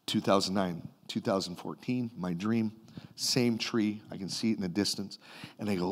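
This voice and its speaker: Canadian man preaching an animated sermon. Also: fairly low pitch, normal speed. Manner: animated, retells a vision in a rising and falling voice. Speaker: pastor. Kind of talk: sermon storytelling.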